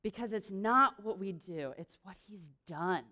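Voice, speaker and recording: A young woman speaking to a room, giving a lively, chatty sermon full of quick self-deprecating asides. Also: medium pitch. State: pregnant. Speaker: speaker at a church or campus gathering. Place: room with an audience.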